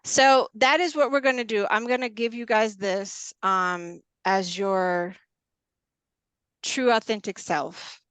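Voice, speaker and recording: A woman coach and ministry leader talking casually to a small group. She tells stories in a lively way and acts out the conversations she retells. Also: medium pitch, slow, smooth, no room sound. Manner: animated storyteller who re-enacts conversations.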